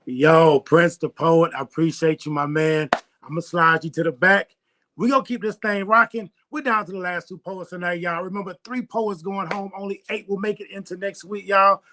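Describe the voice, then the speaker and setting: An upbeat man hosting a poetry slam with a high, bright voice. He keeps the crowd going and brings on the next poet. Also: fairly even intonation, moderate pace, slight background noise. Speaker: host. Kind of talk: hyping a live show.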